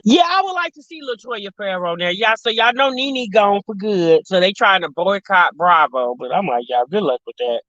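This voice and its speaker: Sassy chatty woman with lively pitch. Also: normal speed, few pauses, no room sound. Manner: chatty, sassy, addresses viewers as sis and y'all. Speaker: show host reacting to reality TV. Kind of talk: casual live-stream chat. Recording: dull lo-fi dry sound.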